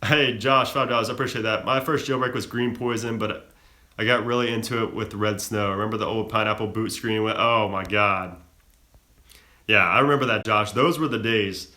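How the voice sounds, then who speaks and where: A young man hosting a live stream, casually reading and answering viewer questions with a relaxed, chatty manner and plenty of fillers. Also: lowish voice, brisk, echoey room. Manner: relaxed, chatty, frequent fillers and self-laughs.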